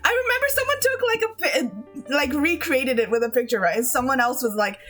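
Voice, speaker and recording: A woman's voice: sits high, animated, brisk, fairly bright tone, faint music behind. A woman streamer chatting casually with her chat, laughing often.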